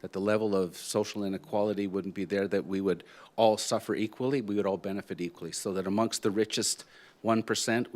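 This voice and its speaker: A man moderates a panel in a fairly low voice. He speaks in a measured, thoughtful way, working through his points one by one.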